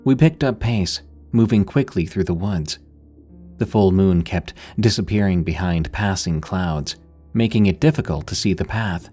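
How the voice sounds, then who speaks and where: A man reading a scripted horror story in a measured, suspenseful way. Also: sits low, warm tone, slightly rough, faint music behind.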